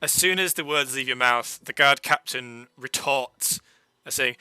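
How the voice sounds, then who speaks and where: A man running a tabletop game as game master, narrating with lots of stops and fillers. His voice is very bright and sharp. The sound is dry, close to the mic. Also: medium pitch, a little slow, clean tone, no echo. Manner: hesitant, filler-heavy narration.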